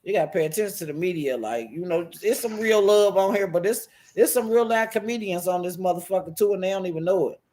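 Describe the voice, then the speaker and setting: A man's voice: sits high, fast, few pauses. A man ranting casually about online streamers, telling stories full of profanity and laughter, and acting out what other people said. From Washington DC. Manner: animated, profane storytelling with lots of laughter; acts out other people's quotes in shifting voices. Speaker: YouTube commentator.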